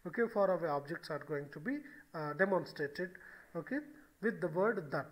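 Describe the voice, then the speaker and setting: A man's voice: on the high side, normal speed, poor audio. A man giving a recorded grammar lecture, explaining step by step and repeating key phrases, with frequent "okay" and "so". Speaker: English grammar teacher.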